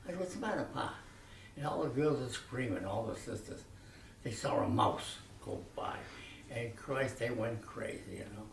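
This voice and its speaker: A man in his nineties telling rambling, animated stories from his youth, with many restarts, recorded from a distance. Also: medium pitch, moderate pace, creaky. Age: 90s. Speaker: interviewee. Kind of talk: reminiscing storytelling. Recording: echoey room from far off, faint noise.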